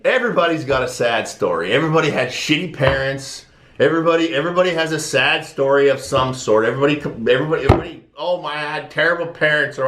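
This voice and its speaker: A man's voice: fairly high pitch, fairly bright tone, echoey room. A man ranting bluntly and profanely to camera in a vlog, exasperated and pushy. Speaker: vlogger. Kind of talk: opinion rant to camera.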